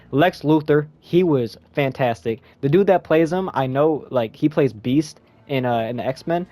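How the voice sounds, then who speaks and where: A man's voice: a little mellow, no room sound. A young man giving a rambling, slangy spoken movie review in a casual chat style. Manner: rambling, slangy, jumps into high squeaky voice when quoting himself.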